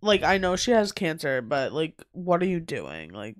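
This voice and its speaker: A man's voice: a little high, huge pitch swings, moderate pace, dry recording, clean studio sound. A young man co-hosting a podcast, speaking earnestly and reflectively in a casual reaction chat.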